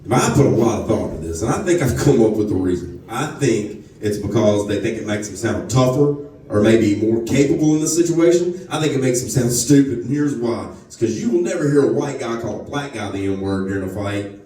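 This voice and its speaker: Brisk and animated, this stand-up comedian's mellow mid-range voice carries a North Louisiana Southern accent as he delivers crude, profane stories full of asides during a live set at a comedy club. He's far from the mic, off to the side, in an echoey room.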